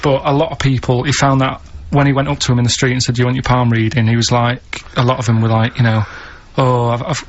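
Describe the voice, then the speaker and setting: A man telling odd stories in a slow, halting, deadpan way during casual radio chat. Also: mid-range voice. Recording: slightly dull radio studio sound, faint hiss.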